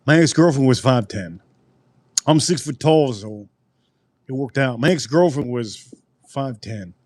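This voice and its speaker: A man chatting casually on a live stream, wandering from topic to topic and saying each line twice or three times. His voice sits at an ordinary middle pitch, and the sound is dry and close with no room around it. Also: expressive, unhurried, a little mellow, dry recording. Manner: rambling, repeats phrases, talks straight to chat. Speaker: livestream host reviewing drinks.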